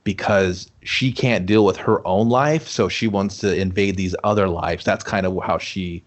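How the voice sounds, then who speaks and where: A man's voice: sits low, unhurried. A man co-hosting a casual movie review podcast, ranting bluntly and sarcastically with plenty of swearing.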